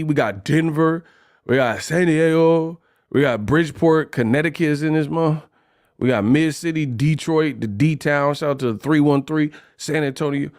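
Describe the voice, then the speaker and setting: A man hosting a boxing livestream, chatting casually with playful shout-outs and stories. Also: mid-range voice.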